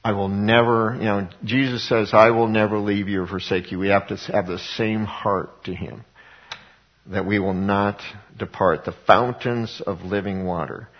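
A man's voice: lowish voice, steady tone, moderate pace, dull audio. A man preaching a sermon, reading scripture aloud and explaining it in a conversational way, with frequent fillers and repeated words, rising to emphatic passages.

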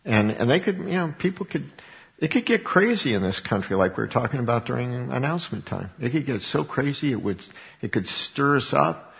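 A man's voice: medium pitch, sing-song, a little fast, creaky, in a large hall, muffled recording. A man preaching a sermon, reading scripture aloud and then explaining it in a conversational way with rhetorical questions. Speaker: pastor.

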